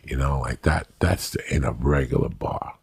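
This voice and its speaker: A man's voice: rumbling low, normal speed, gravelly, slightly rough. A Cuban-American man in his fifties, telling brash, swearing comic stories on a podcast and acting out the people in them. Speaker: comedian and podcast guest. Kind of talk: profane comic storytelling on a podcast.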